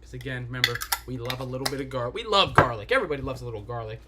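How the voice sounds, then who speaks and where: Rapid-fire and fairly flat in pitch, a medium-voiced man from around Pittsburgh hosts a relaxed kitchen livestream, swearing casually as he talks to the people watching. The recording is very noisy.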